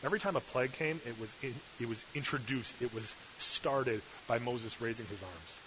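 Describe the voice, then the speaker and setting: A man preaching an animated sermon, telling the story with acted-out voices and dropping from hushed tones to loud bursts. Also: mid-range voice, normal speed. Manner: lively, acts out voices, shifts from hushed to loud. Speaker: pastor. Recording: dull lo-fi recording with faint hiss.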